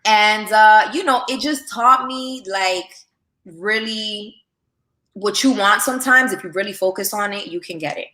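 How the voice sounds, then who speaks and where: A woman telling a personal story in a casual, animated way, full of "like" and "you know". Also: medium pitch, unhurried, reverberant. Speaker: podcast guest.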